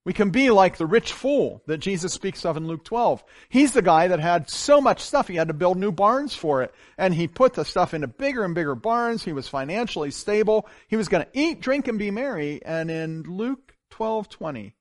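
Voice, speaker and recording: Male pastor, sermon, somewhat high voice, loud-to-soft storytelling, dry recording. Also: moderate pace, hardly any pauses, dry recording. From grew up on a farm. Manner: animated storytelling with wide swings in loudness.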